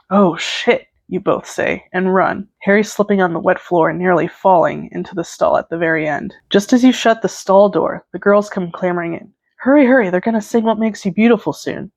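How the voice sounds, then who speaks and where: A woman in her twenties reading her own old fanfiction aloud, narrating evenly and dropping in quick asides. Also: fairly low pitch, vocal fry, no echo. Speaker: aspiring author and vlogger.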